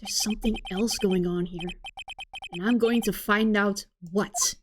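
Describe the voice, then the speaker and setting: A woman's voice: medium pitch, fairly even intonation, a little slow, slight background noise, voice pushed down, natural voice. A woman voicing an earnest young male defense lawyer, in a plain, dry tone. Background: game music.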